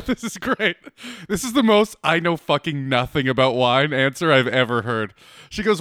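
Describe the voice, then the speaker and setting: A man co-hosting a podcast chats casually, bluntly teasing and swearing freely. His medium-pitched, slightly bright voice is expressive at a moderate pace, with studio-quality sound and no room sound.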